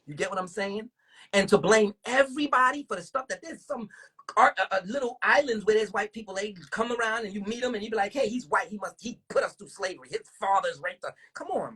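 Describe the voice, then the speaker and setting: A woman with a husky voice, hosting a casual livestream and ranting in animated, profane talk full of rhetorical questions. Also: medium pitch, fairly quick. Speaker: livestream host.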